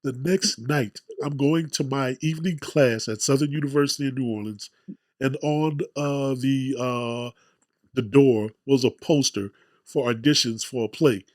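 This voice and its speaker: A man's voice: medium pitch, a little slow, dry recording, studio quality. A man hosting a podcast interview, chatting and telling his own story with self-deprecating humor. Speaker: podcast host. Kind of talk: casual interview chat.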